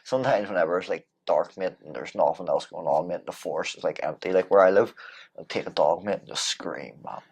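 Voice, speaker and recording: A man's voice: low-pitched, a little fast, gravelly, breathy edge. An easygoing man in a casual podcast chat who laughs often and drops "mate" into nearly every sentence.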